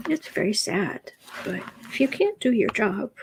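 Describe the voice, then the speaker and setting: A woman hosting a casual tarot livestream at home, chatting slowly and often slipping into soft, whispered baby talk. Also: medium pitch, very animated, creaky, a little hiss or hum. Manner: slow, chatty asides. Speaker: tarot reader and livestream host.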